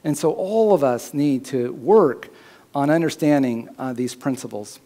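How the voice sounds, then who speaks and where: A man preaching a sermon as pastor in a church, his voice climbing higher and louder when he voices God's words. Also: animated, a little slow. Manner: preaching, rising loud and high when voicing God's words.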